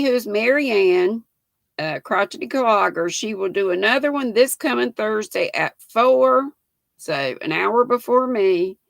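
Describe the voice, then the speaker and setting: An older woman hosting a casual livestream, chatting about yarn and reading comments with easy laughter. Her voice is bright with a gravelly edge, and she takes her time. The sound is dry and close. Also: fairly low pitch, dry recording. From United States. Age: 60s. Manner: chatty, laughs often, reads comments aloud. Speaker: livestream host reading chat. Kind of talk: casual chat.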